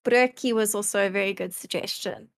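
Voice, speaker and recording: A woman's voice: medium pitch, steady tone, fairly quick, creaky, no room sound, studio quality. A woman appearing as a podcast guest, chatting in a laid-back and amused way. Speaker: streamer guest. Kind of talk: casual interview chat.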